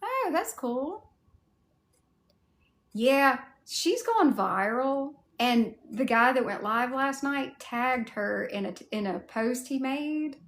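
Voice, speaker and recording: Southern woman livestreamer, gravelly and slow, higher pitch, candid chat host. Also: animated, fairly bright tone. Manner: chatty and candid, with mild swearing. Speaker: cosplay livestreamer. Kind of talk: casual livestream chat, answering viewer comments.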